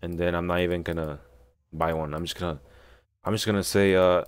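A man's voice: low voice, steady tone, brisk, smooth. A man giving casual gaming commentary, swearing often and complaining in frustration. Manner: profane, frustrated trash talk. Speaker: gameplay streamer.

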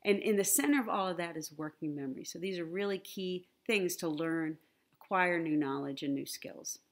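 Using her computer mic for an online presentation with slides, this conference speaker covers the brain and language learning. Her voice sits on the low side at a normal pace, and her friendly, teacherly style keeps checking in with "right?" and "okay?".

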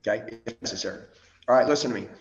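A man coaching on public speaking in a motivational training talk, firing off short repeated commands with occasional swearing, swinging between loud fired-up bursts and slow, quiet emphasis. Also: mid-range voice, echoey room, lo-fi sound.

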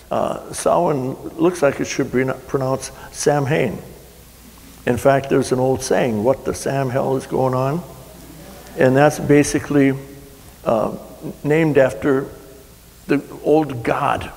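Gravelly pastor preaching in a reverberant hall. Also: male voice, mid-range voice, darkish tone. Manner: rambling, folksy storytelling with many restarts. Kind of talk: sermon.

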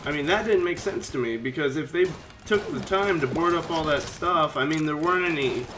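A man giving casual let's-play commentary, rambling and chatty with sudden excited yelps. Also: a little high, brisk, background noise. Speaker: game commentator.

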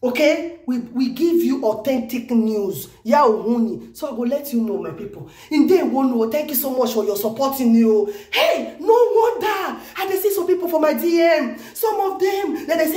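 Excitable high-voiced Nigerian woman. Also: moderate pace, roomy sound. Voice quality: animated, exclamatory, repeats herself. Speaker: vlogger. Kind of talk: excited news commentary vlog.

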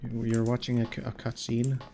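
A gaming streamer with a stuffy, blocked-up nose rambles and swears while playing a video game, grumbling at it in casual commentary. His mid-range voice is monotone, brisk and warm, with a slight hiss or hum; faint game music and keyboard typing sit in the background.

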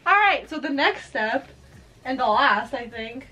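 A woman's voice: high voice, expressive, unhurried, sharp tone, slight background noise. A young woman vlogger chatting casually, giggly and blunt, often saying "ew". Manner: giggly, blunt, says "ew" a lot. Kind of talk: casual chat.

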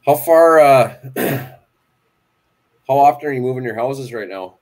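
A man hosting a fishing channel's live talk in a relaxed way, asking guests questions and reading out viewer questions. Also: mid-range voice, a little slow. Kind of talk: casual live-stream chat.

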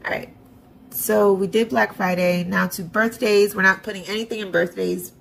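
Talking casually through her online banking, a woman vlogger narrates budgeting and moving money for bills, muttering to herself with sarcastic remarks. She speaks at normal speed in a medium, fairly even voice that is a bit bright, with gravelly vocal fry. The rough recording has a little hiss or hum.

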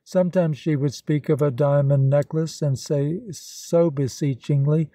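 A man narrating a classic novel as an audiobook, with a steady, even reading and a close mic. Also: fairly high pitch, unhurried, hardly any pauses, no room sound. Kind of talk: scripted narration.

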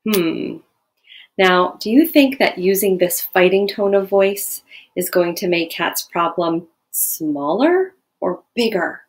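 A woman from a school giving a recorded video lesson to children, gentle and patient, often asking them questions. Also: on the low side, lively intonation, slow. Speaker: school staff member teaching students.

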